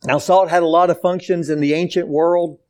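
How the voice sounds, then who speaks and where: A man's voice: a little high, steady tone, normal speed, a little mellow. A man preaching a sermon, emphatic and repetitive, speaking straight to his congregation. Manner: emphatic preaching with repeated phrases, addresses the church directly. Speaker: pastor.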